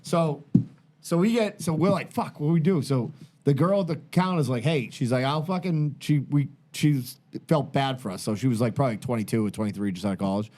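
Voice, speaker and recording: A middle-aged man telling a long, profane, rambling story in casual podcast chat, animated and full of tangents. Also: mid-range voice, a little fast. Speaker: podcast host.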